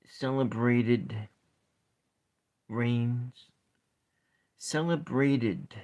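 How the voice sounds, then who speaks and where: A man hosting a soft-spoken ASMR poetry session, talking in a slow, halting way and counting syllables aloud. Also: medium pitch. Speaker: ASMR channel host.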